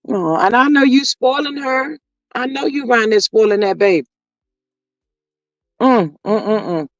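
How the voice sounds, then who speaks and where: A woman's voice: on the low side, no echo. A middle-aged grandmother hosting a casual livestream, reading viewers' comments aloud and chatting in a homespun, talkative way. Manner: chatty and homespun, reads comments aloud, says "Lord have mercy" often.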